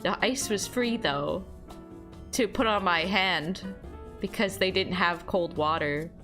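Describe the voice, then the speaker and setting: A woman's voice: on the low side, slow, music in the background. A young woman streaming, chatting casually with her viewers, rambling with lots of fillers and laughing as she goes. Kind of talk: casual chat reading chat aloud.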